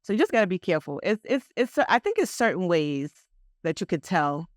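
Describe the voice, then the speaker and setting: A woman's voice: on the low side, big pitch swings, brisk, no room sound, studio quality. A woman guest on a podcast in casual chat, rambling with lots of fillers and easy laughs.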